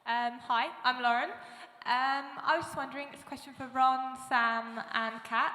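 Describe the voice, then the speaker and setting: Woman in the audience, high pitch, flat delivery, echoey hall. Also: moderate pace. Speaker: audience member asking a question. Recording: echoey hall, distant mic.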